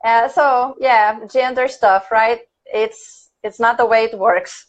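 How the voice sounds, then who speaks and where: A woman's voice: fairly high pitch, steady tone, slow pace, dull audio. A woman with a Brazilian Portuguese accent, hosting a casual livestream conversation, laughing easily and reading out viewer questions. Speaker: livestream host.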